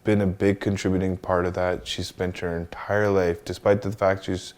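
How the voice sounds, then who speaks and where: A man with a very low voice speaks in a flat, even tone in a documentary interview. His delivery is reverent and measured. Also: smooth. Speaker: interviewee, son of the subject.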